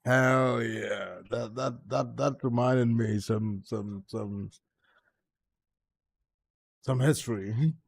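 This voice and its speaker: A man casually reacting to a video he is watching, with slow, amused interjections. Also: mid-range voice, fairly even intonation, gravelly, breathy edge.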